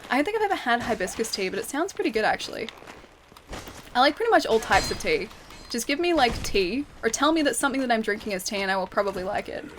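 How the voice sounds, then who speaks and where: A woman's voice: a little high, sing-song, quick pace, a bit bright, a little hiss or hum. A young woman chatting casually with her viewers while streaming a game, rambling with fillers. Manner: chatty, rambling, answers chat with fillers and laughs. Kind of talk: casual gaming stream chat.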